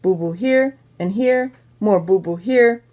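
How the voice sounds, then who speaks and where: A woman voicing a small excitable toddler boy who talks in babyish, sing-song repeats. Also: medium pitch, a little slow, natural voice. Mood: whiny.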